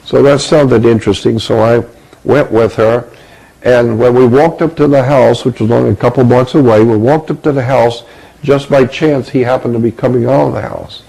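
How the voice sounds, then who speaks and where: A man telling a personal story from his youth, halting and repeating words as he searches for them. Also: medium pitch, fairly even intonation, creaky, mellow, rough recording.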